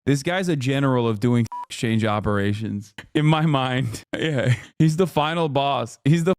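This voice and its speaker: A man's voice: mid-range voice, normal speed, a little hiss or hum. A man streaming, reacting to clips in casual, sarcastic commentary, repeating himself and laughing often.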